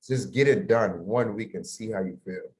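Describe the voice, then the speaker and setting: A man's voice: lowish voice, normal speed, a little mellow, poor audio. A male fitness coach on a video call, speaking in a blunt, playful and pushy but friendly way.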